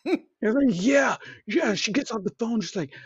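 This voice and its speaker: Speaking at a normal speed in a very high-pitched voice, this male podcast co-host spins a story during laid-back chat. He curses frequently, stays lively, and impersonates what people said using changing voices, all over dull lo-fi audio.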